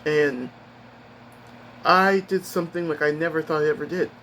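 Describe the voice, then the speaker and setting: Male vlogger, higher-pitched voice, aggrieved rambling delivery; faint air conditioning hum. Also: steady tone, moderate pace, fairly bright tone, rough recording. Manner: rambling, upset retelling with many restarts. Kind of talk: casual personal storytelling.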